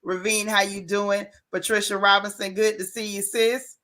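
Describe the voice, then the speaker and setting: A woman hosting a casual livestream, greeting viewers by name in a playful, animated way. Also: medium pitch, moderate pace. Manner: playful, animated, Southern-leaning slang. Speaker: livestream host. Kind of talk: casual live chat.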